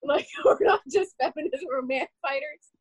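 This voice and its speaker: A young woman telling a personal story in a casual, animated way, with many "like" fillers. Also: high voice, dry recording, rough recording. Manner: animated, rapid, full of "like" fillers.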